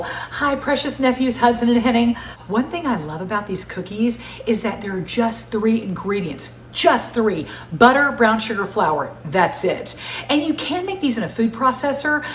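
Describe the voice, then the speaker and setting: A woman's voice: mid-range voice, slight background noise. A woman in her sixties from the Southern United States, with a Southern American accent, hosting a cooking show from her home kitchen in a chatty, gushing way and laughing often. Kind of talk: casual home cooking chat. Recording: echoey kitchen with faint ambience.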